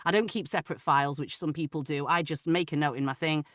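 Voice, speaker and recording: In a casual interview, a woman who narrates audiobooks chats about her work, lively and talkative, frequently starting sentences over. She's an adult with older children, and her low voice comes out fast, bright, and forceful. The recording is dry and close-miked, with no room echo.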